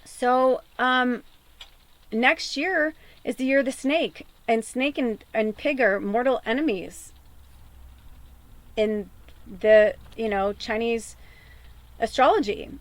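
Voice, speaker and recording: A woman's voice: fairly high pitch, takes it slowly, long pauses, no echo. A woman podcast host and medium venting in a raw, tearful personal monologue, swearing often.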